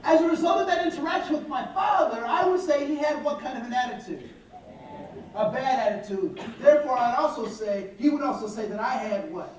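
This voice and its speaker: A man giving a talk to an audience, telling stories with animated delivery, acting out dialogue and asking rhetorical questions. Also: very high-pitched, fast, few pauses, some chatter behind, slight background noise. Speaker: speaker on attitudes and education. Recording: very echoey hall from far off.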